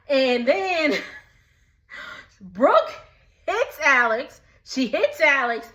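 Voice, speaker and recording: A woman's voice: sits high, big pitch swings, slow, long pauses, pushed and bright. A young woman casually recapping a reality show, slangy and laughing often as she retells the drama.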